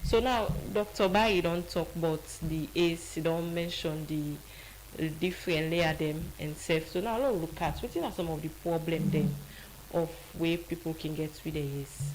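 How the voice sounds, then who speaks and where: A woman's voice: deep voice, moderate pace, a little mellow, slight background noise, rough recording. A woman with a Sierra Leonean Krio accent hosting a radio health show, introducing guests and prompting them with brief questions. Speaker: radio host. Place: radio studio.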